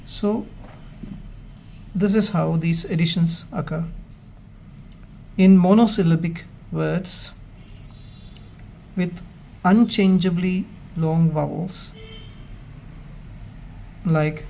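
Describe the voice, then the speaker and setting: A man teaching Hebrew grammar in a slow, measured way, explaining step by step with pauses. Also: high voice, steady tone, gravelly, warm tone. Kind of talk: slow, methodical grammar lesson.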